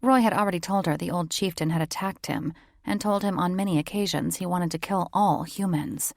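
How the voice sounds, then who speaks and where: A woman narrating a romance audiobook in a measured storytelling manner. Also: lowish voice, vocal fry, dry recording, studio quality. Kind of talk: scripted narration.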